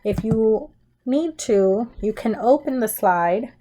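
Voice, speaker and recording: A woman's voice: fairly high pitch, animated, slow, mellow, a little hiss or hum. A woman teaching a Spanish grammar lesson in a recorded tutorial, explaining step by step and checking in with "okay?" as she goes.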